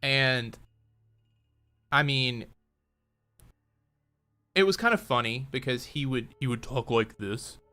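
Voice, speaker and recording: Animated, chatty male streamer. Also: mid-range voice, slow pace, long pauses, faint music behind. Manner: chatty, laughs often. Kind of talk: casual chat while gaming.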